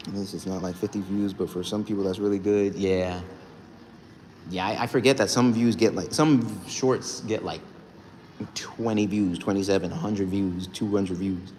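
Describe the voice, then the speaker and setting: In a casual livestream from an indoor gym, a young man who raps reads comments aloud, rambling loosely while hyping and thanking viewers. His voice sits low and a little mellow, with fairly even intonation at normal speed, and the room echoes with faint background noise.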